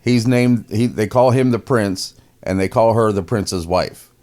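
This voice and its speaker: A man with a somewhat low voice hosts a casual commentary podcast. He mocks his subject with a sarcastic edge, laughs often and repeats his words as he talks. His delivery is loose and conversational. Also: measured pace, darkish tone.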